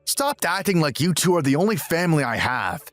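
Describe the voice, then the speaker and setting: A man's voice: a little high, very animated, fairly quick, fairly bright tone, faint music behind, voice pushed up. A man voicing a smug, self-righteous young husband who lectures and sneers in a dramatized text-message story. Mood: scolding.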